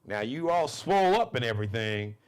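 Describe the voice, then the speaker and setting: A man's voice: medium pitch, a little fast, clear, resonant tone. A man hosting his own live talk show, delivering a loose, laughing monologue. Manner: animated, laughing, loose and conversational. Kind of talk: live monologue, casual commentary.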